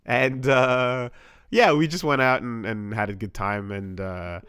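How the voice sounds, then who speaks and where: A man's voice: medium pitch, steady tone, a little slow, a bit bright, clean tone, no room sound, studio quality. A Canadian man in his thirties co-hosting a podcast in casual chat, rambling with restarts and frequent swearing. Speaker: podcast co-host.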